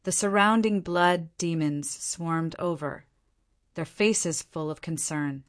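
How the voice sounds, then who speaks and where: A woman narrating a fantasy novel as an audiobook in a steady, measured storytelling read. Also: on the low side.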